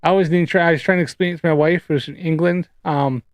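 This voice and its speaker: A fairly high-pitched man from the Canadian prairies rants on his debunking livestream, swearing and rambling with exasperation. His voice is close and dry, with no room sound. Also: fairly even intonation, fast, no room sound. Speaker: streamer debunking flat earth claims. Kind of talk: casual livestream rant and chat.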